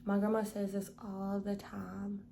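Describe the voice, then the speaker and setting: Young woman leading a casual Bible study, earnest and conversational, medium pitch, light background hiss. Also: completely flat delivery, a little slow, vocal fry, mellow, rough recording. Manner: earnest, repeats "okay?" to the listener. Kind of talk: casual devotional teaching.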